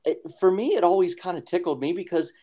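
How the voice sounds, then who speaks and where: A man's voice: high-pitched, quick pace, dark tone. A man with a slightly raised voice chats loosely on a podcast, rambling and filling gaps with "like" and "um." His laughs come often. The audio is dull and lo-fi. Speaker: podcast co-host. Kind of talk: casual chat.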